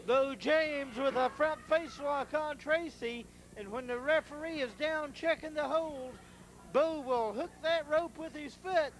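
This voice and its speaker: A man calling wrestling play-by-play in an excitable way, repeating the wrestlers' nicknames. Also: very high-pitched, unhurried, a little hiss or hum, rough recording. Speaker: wrestling commentator. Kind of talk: play-by-play commentary. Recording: tape of a live arena event.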